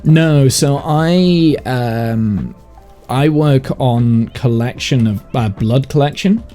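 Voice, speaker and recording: Male streamer, English accent somewhere between RP and the Midlands, mellow tone, casual rambling chat, faint music under him. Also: mid-range voice, takes it slowly. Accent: English, received pronunciation mixed with Midlands/northern. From Midlands of England. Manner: rambling and thinking aloud, many fillers and restarts. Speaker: live streamer reading chat. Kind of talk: casual chat while gaming.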